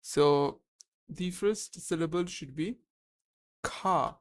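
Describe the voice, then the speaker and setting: A young man on a live study stream, thinking aloud and slowly sounding out syllables, pausing to check himself. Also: fairly high pitch, dry recording. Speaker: language learner streaming study session.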